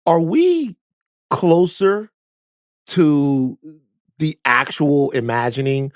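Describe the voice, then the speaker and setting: An American man co-hosting a podcast, an animated storyteller who swears and laughs often. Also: a little high, extremely slow, dry recording, clean studio sound. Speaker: podcast co-host. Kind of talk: casual podcast chat.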